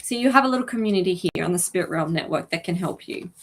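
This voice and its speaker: A gentle, chatty woman hosting a live-stream reading. Her voice sits a little low, and she fills her talk with soft ums and small asides to her viewers. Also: animated, fast. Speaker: animal communicator hosting a live show.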